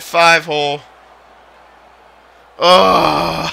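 A young man giving excited commentary over his own gameplay, shouting at plays and muttering between them. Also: on the high side, a little slow, creaky, pauses often. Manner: yells and groans at the game, then mutters to himself. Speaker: gaming commentator.

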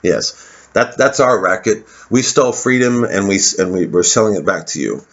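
A man's voice: fairly low pitch, animated, normal speed, a bit bright. A male comedian delivering a rambling, sardonic monologue, cursing freely and drifting from topic to topic. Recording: dull lo-fi recording.

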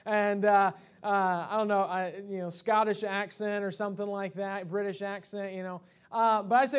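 High-voiced preacher giving a sermon. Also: male voice, level tone, moderate pace, hardly any pauses, clean tone. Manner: conversational preaching with many fillers and restarts. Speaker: pastor. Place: church sanctuary.

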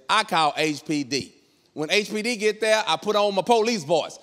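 A man's voice: high-pitched, normal speed, in a large hall. A middle-aged man telling a comic story on stage, acting out the voices of people in it. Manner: animated, acts out voices in his story. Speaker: comedian. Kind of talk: storytelling stand-up comedy.

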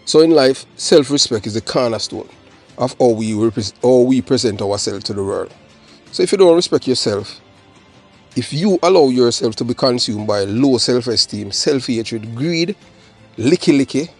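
A man's voice: medium pitch, a little mellow. Jamaican man rambling in emphatic commentary. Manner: rambling, emphatic, mixes patois and English. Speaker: channel host. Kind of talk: solo commentary monologue.

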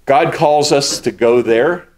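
A pastor preaches a sermon in a medium-pitched, slow voice, explaining scripture step by step and repeating key words for emphasis.

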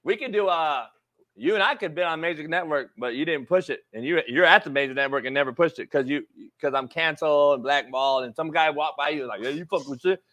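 A man's voice: a little high, a little fast, bright, forceful tone. A man hosting a sports talk show, chatting casually in a blunt, profane way and teasing his co-host. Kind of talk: casual chat.

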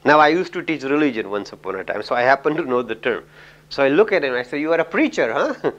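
A man's voice: medium pitch, fairly bright tone. A middle-aged man from India giving a lecture on communication, telling anecdotes in a chatty way with many "you know"s and laughs.

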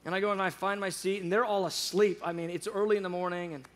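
A man telling a personal faith story in casual chat, animated and acting out the dialogue, with frequent restarts. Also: sits high, fast talker. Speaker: guest speaker on prayer show.

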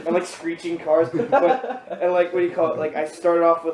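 A young man with a high, light voice riffs and laughs through a loose podcast chat. The room is echoey and a crowd murmurs in the background. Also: little pitch movement, normal speed, hardly any pauses. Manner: laughing, riffing, jumping into silly put-on voices. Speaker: podcast co-host. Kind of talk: casual comedic chat.

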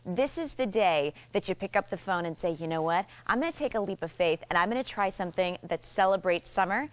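A woman's voice: on the low side, lively intonation, brisk. A woman hosting a live shopping channel, talking in a bubbly, upbeat selling patter. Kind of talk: live home shopping presentation.

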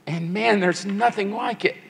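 A man's voice: sits high, a little slow, vocal fry. Man in his sixties preaching in a large hall. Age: 60s. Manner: emotional storytelling, acts out quoted voices. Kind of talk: sermon. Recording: long church hall reverb.

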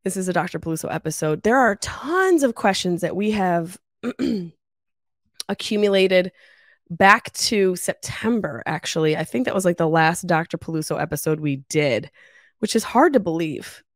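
A woman in her thirties hosting her own podcast with a stuffy nose from a cold, chatting in a lively, swearing, joking way from her mother's house on a travel mic. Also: fairly low pitch, normal speed, no echo, studio quality. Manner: animated, swearing, laughing storyteller. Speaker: podcast host. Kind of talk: casual solo podcast chat. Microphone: travel mic without pop filter.

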